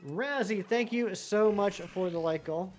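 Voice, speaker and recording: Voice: mid-range voice, measured pace, darkish tone, faint music behind. Chatty streamer rambling to chat. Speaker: live-streaming gamer. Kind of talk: casual live-stream chat with viewers.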